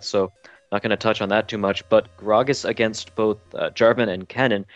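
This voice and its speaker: A man's voice: on the low side, dry recording, highs cut off. A man casting a live esports match, often tripping over his words and restarting sentences. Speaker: esports caster.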